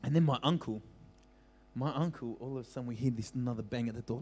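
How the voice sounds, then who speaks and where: A young man preaching as a pastor, telling a childhood story with lively acted-out voices and frequent laughter. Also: medium pitch, fast talker, breathy edge. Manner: animated storyteller, acts out voices, laughs often. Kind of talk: storytelling sermon. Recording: reverberant hall.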